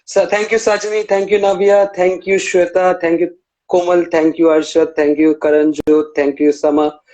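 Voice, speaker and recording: A man's voice: sits high, flat delivery, moderate pace, darkish tone, rough recording. A man hosting a live-stream interview on a video call, chatting informally with fillers. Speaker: interview host. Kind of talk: casual live-stream chat.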